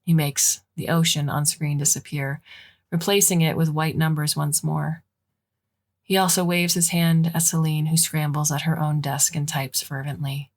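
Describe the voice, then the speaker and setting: A woman with a low-pitched voice narrates a short story for a podcast. Her reading is unhurried and deliberate, and she lets her phrases fall away into soft, hushed endings. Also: level tone.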